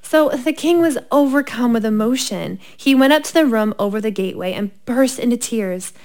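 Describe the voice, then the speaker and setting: A woman co-hosting a casual chat, retelling Bible stories in a lively way, laughing often and reading scripture aloud. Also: fairly high pitch, moderate pace.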